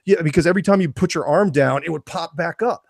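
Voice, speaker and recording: Guy on a podcast ranting all excited, kinda high voice, dry sound. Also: quick pace, creaky, no echo. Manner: enthusiastic, ranting, repeats phrases. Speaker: guest. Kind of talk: podcast interview.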